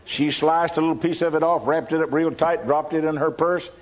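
A man with a Texan accent preaches in a folksy, storytelling way, spinning humorous anecdotes for his congregation. His voice sits a little on the high side. The recording sounds dull and lo-fi, like an old sermon tape. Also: steady tone, brisk. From Texas.

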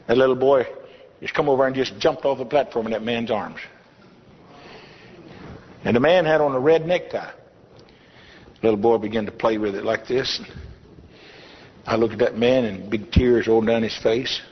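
A man's voice: mid-range voice, normal speed, pauses often, a little hiss or hum. An older man preaching a testimony sermon in a church, telling his story in a folksy, humorous way. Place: church hall. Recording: dull lo-fi recording in a reverberant hall.

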